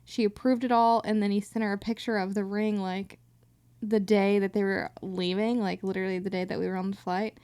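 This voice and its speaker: A young woman co-hosting a podcast in casual chat, chatty and quick to laugh and react. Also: mid-range voice, flat delivery, darkish tone, clear, resonant tone. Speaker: podcast co-host.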